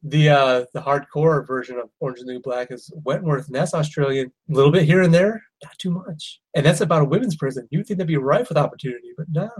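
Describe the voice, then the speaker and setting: A man's voice: on the high side, fast talker, hardly any pauses, a little mellow, slightly rough, poor audio. A man in his thirties co-hosting a podcast, trading jokes and strong opinions in casual chat. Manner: joking, irreverent, opinionated. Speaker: podcast co-host.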